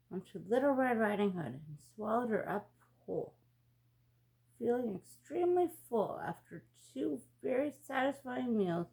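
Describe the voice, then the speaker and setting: Female storyteller reading a fairy tale, higher voice, unhurried and very animated. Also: gravelly. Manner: slow, expressive read-aloud delivery.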